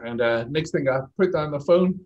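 A man's voice: on the high side, normal speed, darkish tone, lo-fi sound, slight background noise. A middle-aged man with an Irish accent, telling anecdotes as a guest in a casual interview, chatty and self-deprecating. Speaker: guest, speaker agency owner.

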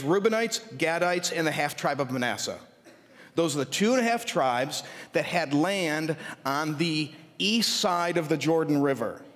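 Pastor preaching in a reverberant hall. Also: male voice, on the high side. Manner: animated, reads scripture aloud with asides. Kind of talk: sermon.

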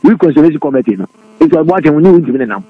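A man on a political radio talk show, talking quickly and excitedly and repeating his words. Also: fairly high pitch, no room sound, highs cut off. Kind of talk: animated political radio discussion.

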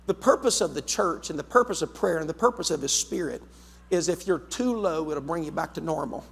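A man preaching a sermon as pastor, emphatic, repeating his words and swinging between loud and soft. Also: on the high side, animated, a little fast, creaky, husky. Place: church sanctuary. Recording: long hall reverb in a church.

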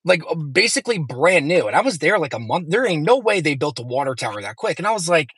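A man in his thirties telling a long story in a casual chat, animated and full of swearing. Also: on the high side, quick pace, slightly rough, dry recording. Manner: animated, profane, rambling.

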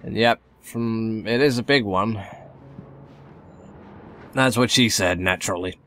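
A man chatting through a let's play of a video game, with rambling, wry asides. His voice is somewhat low and his pace slow and unhurried. A faint hum of noise sits under it. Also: a bit bright. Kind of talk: casual gameplay commentary.

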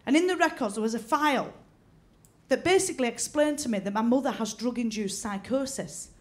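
High-voiced woman doing stand-up. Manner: deadpan punchlines, quick character voices. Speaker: stand-up comedian. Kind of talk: stand-up comedy routine. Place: comedy venue with live audience. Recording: live audience laughter, stage mic.

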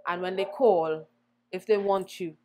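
A young woman singer, a guest in an interview, telling her story in an animated way and acting out the voices she quotes. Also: lowish voice, a little slow, a little hiss or hum. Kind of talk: conversational storytelling.

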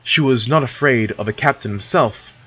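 A man's voice: medium pitch, normal speed, a bit bright, breathy edge, lo-fi sound. A man casually reading fan fiction aloud, stumbling over words and correcting himself as he goes. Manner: stumbling, self-correcting, chatty asides. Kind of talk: casual read-along narration.

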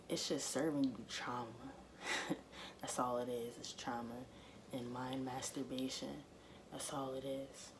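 A woman's voice: very deep voice, noisy background. A woman vlogger in a casual to-camera monologue, speaking emphatically and repeating her points straight to her viewers.

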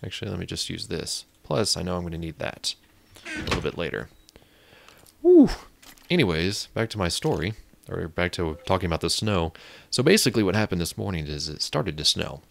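A man's voice: deep voice, expressive, brisk, vocal fry, fairly bright tone, slight background noise. A young man from Indiana, chatting and rambling as he plays a video game, easily startled. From Indiana, USA. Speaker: gaming YouTuber. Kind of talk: casual gameplay commentary.

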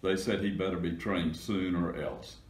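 A man's voice: sits low, fairly even intonation, normal speed, close to an everyday voice. A man reading as a bossy little sister. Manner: plain storybook reading. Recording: echoey room.

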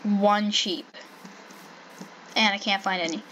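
A woman giving playful, excitable commentary while playing a survival game, calling out to animals in sing-song baby talk. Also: medium pitch, takes it slowly, muffled recording, slight background noise. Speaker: gaming channel host.

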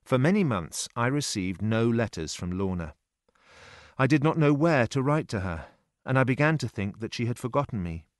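Man, audiobook narrator, steady clear reading, middle pitch, dry close recording. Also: dry recording. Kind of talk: audiobook reading for English learners.

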